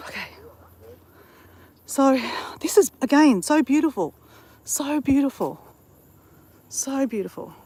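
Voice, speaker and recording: A woman's voice: sits high, animated, slow pace, pauses often, mellow. A woman chatting on a live stream while out on a bush walk, rambling and greeting viewers in the chat, on a handheld phone mic. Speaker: vlogger.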